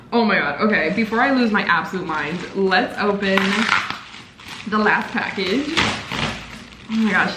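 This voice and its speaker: A book vlogger in her twenties gushes and exclaims dramatically as she unboxes book gifts. Her voice is mid-range and a bit bright, and the recording has an echoey room, faint ambience, and a little hiss or hum.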